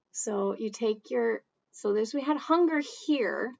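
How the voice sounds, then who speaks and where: A woman teaching sign language in a casual, relaxed way, with lots of fillers. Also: fairly high pitch, gravelly, muffled recording. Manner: slow, relaxed, with many fillers and acted example phrases. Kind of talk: casual instructional talk.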